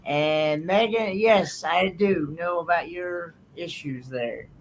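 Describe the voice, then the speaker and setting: A slow, hesitant speaker co-hosts a casual live stream, thick with fillers. A faint rumble sits behind the voice.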